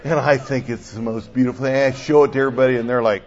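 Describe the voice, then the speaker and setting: Older man preaching a lively sermon. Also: mid-range voice, rapid-fire, very noisy. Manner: animated, swings from loud to soft. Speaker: pastor. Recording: dull lo-fi sound.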